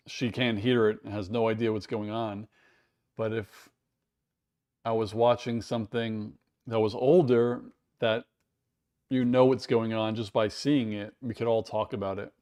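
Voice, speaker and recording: A man's voice: mid-range voice, steady tone, unhurried, darkish tone. Casual man chatting on a livestream. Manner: chatty, reads out chat messages, reacts with surprise. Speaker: livestream host. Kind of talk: casual live watch-along chat.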